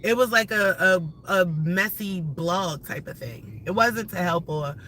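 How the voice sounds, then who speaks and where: Woman streamer, bright tone, profane, excitable rambling rant. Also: lowish voice, a little slow, rough recording. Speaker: livestream host. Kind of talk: casual ranting livestream.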